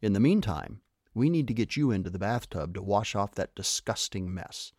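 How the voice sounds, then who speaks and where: A man voicing a motherly older woman babysitter turned into a monkey, brisk and scolding. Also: lowish voice, lively intonation, darkish tone, no echo, clean studio sound. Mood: fussing.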